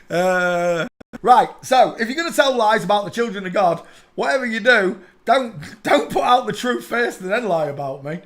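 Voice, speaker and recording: A man rants casually in a high voice, mocking and bursting into laughter. His pitch jumps around animatedly, and he repeats short phrases like a chant. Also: animated, measured pace. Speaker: online commentator. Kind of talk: casual mocking rant over pictures.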